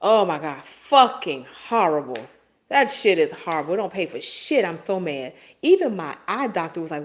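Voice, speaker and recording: A woman's voice: low voice, expressive, brisk. A woman in her forties hosting a casual live stream, reading viewer comments and answering them in a playful, teasing and profane way. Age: 40s.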